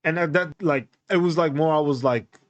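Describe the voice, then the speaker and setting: A man hosting a podcast, telling a personal story in a candid, halting way with many fillers and restarts. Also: on the high side, dry recording. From United States. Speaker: podcast host.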